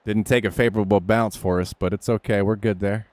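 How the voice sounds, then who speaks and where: Streaming a golf game, this man offers casual commentary on each shot in a lowish, fairly even, slightly mellow voice at a brisk pace. He's candid, coaches himself, and swears now and then; there's no room sound.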